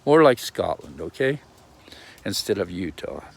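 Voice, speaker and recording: A man's voice: low-pitched, very animated, unhurried, gravelly, slightly rough. A man rambling in a casual video message recorded outdoors on a handheld phone, drifting between thoughts with many ums and restarts. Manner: meandering, self-interrupting, lots of ums and restarts. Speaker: vlogger. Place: outdoors in a yard.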